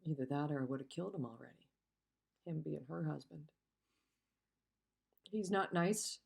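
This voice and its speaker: A woman's voice: deep voice, moderate pace, gravelly, breathy edge. A woman in her fifties venting in a vlog, upset and telling a rambling, profane story. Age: 50s. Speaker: vlogger. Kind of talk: emotional personal venting.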